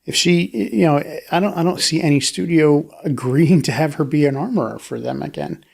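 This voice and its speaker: A man co-hosting a casual podcast discussion, rambling with many restarts and acting out quotes in a higher voice. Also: brisk, vocal fry, darkish tone, slightly rough. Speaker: podcast co-host.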